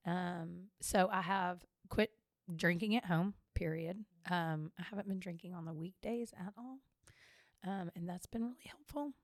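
A woman's voice: fairly low pitch, unhurried, no room sound, clean studio sound. Chatty, playful woman podcast co-host. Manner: chatty and playful, laughs often. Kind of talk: casual chat.

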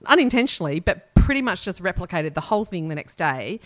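An Australian woman in her forties chatting as a podcast co-host. Her voice is bright and forceful and sits a little on the low side. She tells long, wandering stories and laughs freely as she goes. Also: sing-song, fast. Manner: rambling storyteller, laughs often. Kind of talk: casual chat.

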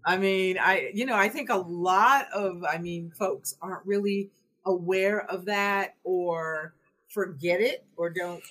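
A woman's voice: fairly even intonation, slow pace, fairly bright tone. Emphatic woman podcast co-host. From United States. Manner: emphatic, opinionated, with sudden high swoops. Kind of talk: casual chat.

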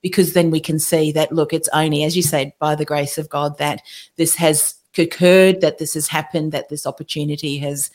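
Low-voiced affirming woman host. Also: steady tone, moderate pace, a little mellow. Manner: affirming, conversational, with tag questions. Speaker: podcast host. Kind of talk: interview conversation.

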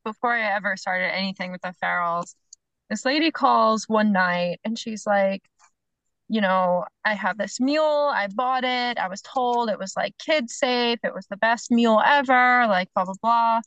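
A middle-aged woman, a horse trainer on a podcast, telling a story in a lively way and acting out what people said. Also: fairly high pitch, moderate pace, no echo, lo-fi sound. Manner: animated storyteller, acts out the other people's lines, laughs between phrases. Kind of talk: casual storytelling chat.

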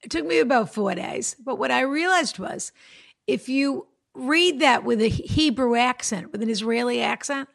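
A woman's voice: a little high, normal speed, gravelly. A woman co-hosting a podcast in casual, theatrical banter, chatty and fond of calling things fabulous. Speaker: podcast co-host.

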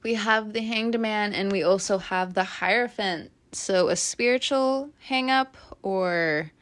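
A young woman giving a casual, animated tarot reading, swearing freely and laughing often. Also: mid-range voice, unhurried. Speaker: tarot reader.

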